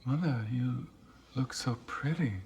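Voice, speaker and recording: An actor playing a frustrated, brooding young adult son in a film drama, speaking in a halting, bitter way. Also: male voice, mid-range voice, creaky, darkish tone, a little hiss or hum.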